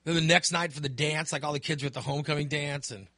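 A man's voice: a little high, fairly even intonation, fast, pushed and bright, no echo. A middle-aged man hosting a podcast, ranting in casual chat with plenty of profanity and exasperation. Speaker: podcast host.

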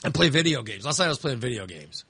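A man's voice: medium pitch, lively intonation, fast, gravelly, pushed and bright, slightly rough, no room sound. A man chatting casually as host, rambling with lots of fillers and restarts. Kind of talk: casual chat.

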